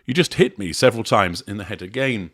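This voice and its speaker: A man's voice: lowish voice, animated, fairly quick, fairly bright tone, no room sound, clean studio sound. A man reading out a frustrated, insistent man. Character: frustrated man pleading with his partner.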